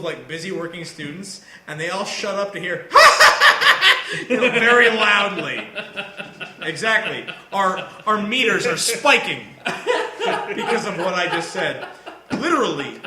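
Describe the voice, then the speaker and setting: A high-pitched man with a very bright, ringing voice, telling stories in an animated, casual way and breaking into loud laughs. He sounds like he is in an echoey room with a faint hiss behind him. It comes across as a relaxed chat among friends. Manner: animated, laughs loudly and often. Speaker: podcast co-host.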